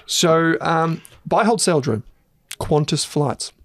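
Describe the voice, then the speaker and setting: Gravelly Australian man hosting a podcast. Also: fairly high pitch, a bit bright, a little hiss or hum. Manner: jokey, laughs often, quick asides. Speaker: podcast host, analyst. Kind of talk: casual chat.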